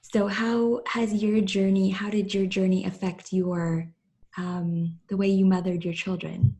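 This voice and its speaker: A young adult woman hosting a podcast, softly affirming her guest and asking questions. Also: medium pitch, level tone, unhurried. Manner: soft-spoken affirming listener. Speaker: podcast host. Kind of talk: casual interview and read ad.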